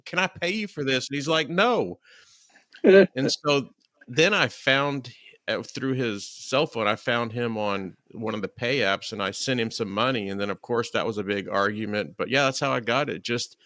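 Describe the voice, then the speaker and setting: Casting: male podcast host, bright, punchy voice, dry close mic, chatty storyteller. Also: medium pitch, moderate pace, no room sound. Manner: chatty, animated storyteller acting out quotes. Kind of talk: casual interview chat.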